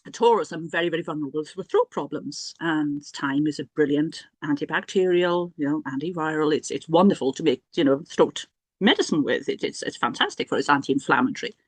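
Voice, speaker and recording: A woman's voice: low-pitched, a little fast, husky, no room sound. A middle-aged woman, a priestess and healer, telling a personal story in a chatty, self-mocking way with many restarts and asides.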